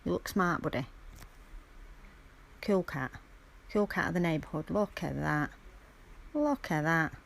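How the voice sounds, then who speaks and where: A woman's voice: low voice, measured pace, vocal fry, long pauses. A woman talking to her cat in a coaxing, teasing way for a casual video.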